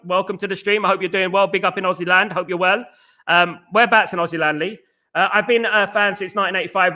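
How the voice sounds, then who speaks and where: Man in his forties, high bright voice, excitable live-stream host who chants and repeats himself. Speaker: livestream host. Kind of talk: casual live chat reading comments.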